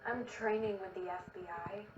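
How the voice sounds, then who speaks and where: A woman's voice: medium pitch, steady tone, normal speed, lightly acted. An actress playing a fierce young woman who coldly and defiantly threatens a rival in a TV drama. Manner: cold, defiant, menacing. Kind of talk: TV drama dialogue. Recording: distant, dull, roomy TV audio with noise.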